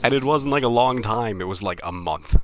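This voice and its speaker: A young man streaming a game live, rambling through anecdotes in a halting, self-mocking way. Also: medium pitch, animated, noisy background.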